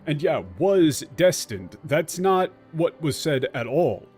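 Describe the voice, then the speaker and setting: 男主播，随口骂几句的游戏解说. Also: male voice, a little high, measured pace, a little mellow, husky, faint music behind. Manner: analytical, picks apart translation word by word; casual, swears freely. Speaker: game streamer. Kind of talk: let's play commentary.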